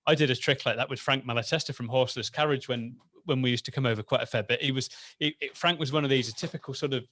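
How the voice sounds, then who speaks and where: A man's voice: medium pitch, fast talker, no room sound. A man from England with a light Yorkshire accent, hosting a podcast in casual chat and telling stories with lots of laughter. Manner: animated storyteller, laughs often, says "brilliant" a lot. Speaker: podcast host.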